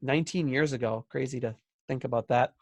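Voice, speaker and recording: A man's voice: mid-range voice, fairly quick, darkish tone, no echo. A man co-hosting a podcast in casual chat, joking around and reading out listener posts. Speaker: podcast co-host.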